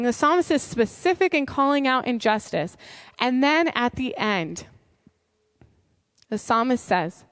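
A woman preaching a sermon, earnest, reading scripture slowly and with emphasis. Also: high-pitched, animated, clean tone, no echo, studio quality. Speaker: pastor.

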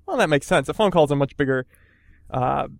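A man's voice: a little high, lively intonation, brisk, creaky, no echo. A man co-hosting a casual comedic chat, dry and playfully pedantic in his banter. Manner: dry, playfully pedantic, jumps into silly put-on voices. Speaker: podcast co-host.

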